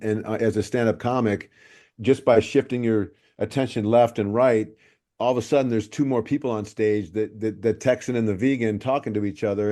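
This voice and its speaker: A man hosting a podcast in casual chat, halting and repeating words. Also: lowish voice, mellow. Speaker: podcast host.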